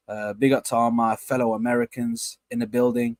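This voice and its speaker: A young man hosting a casual live stream, rambling and repeating himself as he gives shout-outs to viewers. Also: medium pitch, normal speed, hardly any pauses, no echo, clean studio sound.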